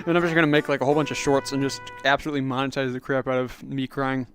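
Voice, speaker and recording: A young man chatting casually on a livestream, rambling with lots of fillers while answering chat. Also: medium pitch. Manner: rambling, filler-heavy, reads chat aloud. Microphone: clip-on magnetic microphone.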